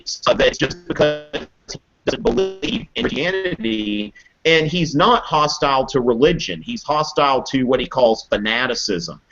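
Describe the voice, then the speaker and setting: A man teaching history in a casual live video Q&A, chatty and animated, acting out quotes in playful voices. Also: mid-range voice, moderate pace, highs cut off. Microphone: webcam mic on a video call.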